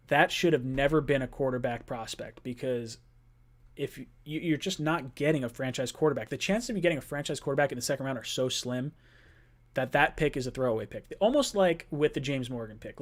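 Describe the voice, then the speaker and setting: A man hosting a live-stream sports podcast, talking casually and playfully with his chat, with quick bursts of speech. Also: mid-range voice. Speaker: podcast host.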